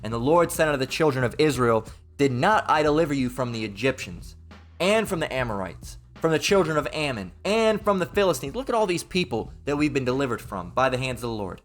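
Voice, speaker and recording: A man with a Southern US accent delivers a rough, informal sermon at a medium pitch. He reads verses aloud, then slides into heated, profane tangents and repeats himself for emphasis. Soft music plays faintly underneath. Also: sing-song, a little fast. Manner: reads scripture then rants. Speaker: preacher. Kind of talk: informal Bible teaching sermon.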